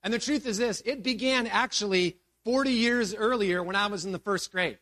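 A man in his forties with a notably high voice delivers a sermon from a church stage. He reads a scripture passage, then retells it in a relaxed, conversational way, tossing asides to the congregation. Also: normal speed, no room sound. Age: 40s. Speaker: pastor.

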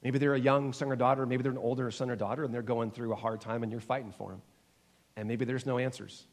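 A man in his forties preaching a sermon in a church, building to emphatic repeated exhortations and then dropping low and soft. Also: fairly even intonation, fast talker, in a large hall. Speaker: pastor.

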